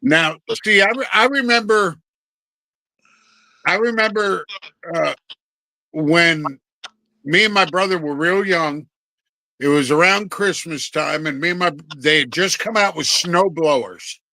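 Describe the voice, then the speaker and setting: A middle-aged man in a casual chat, blunt and quick with crude jokes. His voice sits high for a man and comes out very bright and sharp. The sound is dry and close. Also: no room sound, rough recording.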